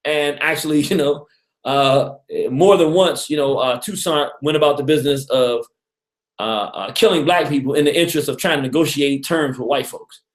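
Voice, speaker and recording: Guy on a radio show going through history, kinda high voice, chuckling, acting stuff out, echoey room. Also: normal speed. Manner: animated storyteller, chuckles often, acts out quotes. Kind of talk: casual radio history talk.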